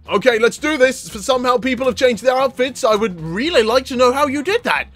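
An excitable man hosting a gaming channel and narrating his own matches. His voice sits high for a man, and it jumps into yells and laughs. Faint music plays under his commentary. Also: moderate pace. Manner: excitable, yelling and laughing at the game. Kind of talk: let's play commentary.

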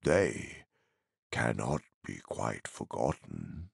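A man reading an audiobook, voicing an ancient, slow-spoken male tree giant in a deep, creaky rumble. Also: very animated, no echo, clean studio sound, full character voice. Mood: sorrowful. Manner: slow, ponderous, sorrowful.

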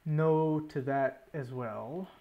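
A man's voice: fairly high pitch, extremely slow, phone-quality sound. A young man giving running commentary over his own gameplay, swearing often and talking to himself in exasperation. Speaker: gaming YouTuber.

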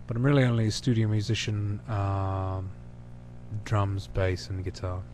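Slow, hesitant young man rambling. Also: on the low side, little pitch movement, background noise. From United States. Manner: rambling, hesitant, full of pauses. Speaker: channel host answering questions. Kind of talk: casual recorded chat.

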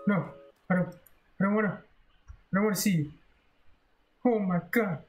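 A young man commentating a horror game, jumpy and swearing, often yelling in fright. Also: high voice, moderate pace, faint music behind. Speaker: gaming video creator.

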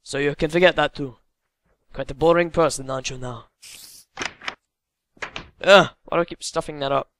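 A man's voice: fairly high pitch, normal speed, long pauses, a bit bright, slight background noise. An English man hosting a let's play, chatting casually and teasing his co-player. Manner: joking, teasing banter. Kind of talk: casual gameplay chat.

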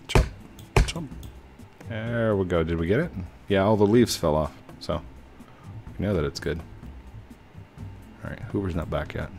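A man with a deep, slightly mellow voice runs a gaming channel, offering loose, talkative play-by-play, humming along and correcting himself. Game music runs beneath his voice.

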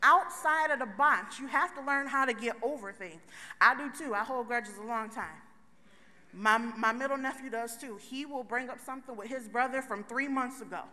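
A woman's voice: on the high side, normal speed, pushed and bright. A woman giving a chatty, joking motivational talk to a live conference audience, speaking straight to the crowd. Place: large conference hall. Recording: long reverb of a large hall.

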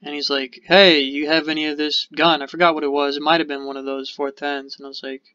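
A man's voice: on the high side, flat delivery, quick pace, bright, forceful tone, clean tone, no echo. A man co-hosting a casual podcast, telling a story in a rambling, profane way and acting out the people in it. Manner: rambling, profane, acts out quotes. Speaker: podcast co-host. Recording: dull lo-fi podcast audio.

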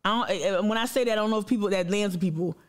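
A woman's voice: medium pitch, racing. A woman hosting a livestream, giving a blunt, impassioned monologue full of profanity and repetition, speaking straight to her audience. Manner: addresses the audience directly and reads viewer comments aloud. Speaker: livestream host.

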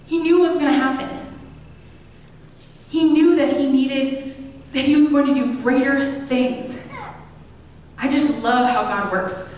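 A woman's voice: high-pitched, a little slow, long pauses, a little mellow. A woman pastor giving a sermon, retelling scripture stories in a casual, conversational way with everyday voices. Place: church. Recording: echoey hall, mic at a distance.

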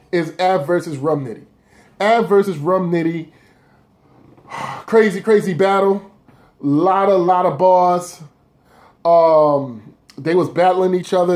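A man's voice: a little high, a little mellow. A man casually counting down his favorite rap battles of the year on his own blog, talking loosely and cursing freely. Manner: loose, profane, rambling street talk.

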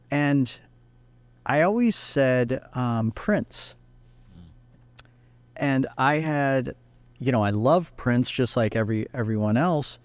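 A man with an average-pitched voice tells stories from his music career with animated energy, often slipping into other people's voices as he quotes them. The recording is dry, with no room sound. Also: no echo. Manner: acts out other people's lines while telling stories. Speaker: guest guitarist. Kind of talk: animated anecdotal storytelling.

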